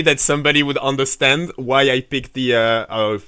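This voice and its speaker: A man's voice: mid-range voice, steady tone, moderate pace, sharp tone, clear, resonant tone, no room sound. A man streaming a game playthrough, chatting casually, rambling, swearing freely and answering his chat. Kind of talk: casual livestream commentary.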